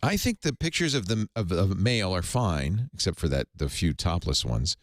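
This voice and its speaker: Animated man hosting a radio tech show. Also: low voice, normal speed, dry recording. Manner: animated, playful, self-mocking. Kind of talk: casual radio chat.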